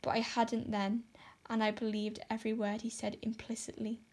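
A woman's voice: fairly high pitch, monotone, moderate pace, darkish tone, lightly acted. A woman reading aloud and voicing a dramatic young girl who pleads in overwrought, tragic tones. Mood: explaining. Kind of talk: audiobook character voice.

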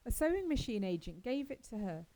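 A woman reading aloud as a chatty, dreamy orphan girl who gushes with wide-eyed excitement. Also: on the high side, fairly quick, low-quality recording. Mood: gushing. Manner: breathless, gushing and wide-eyed. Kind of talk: audiobook character reading.

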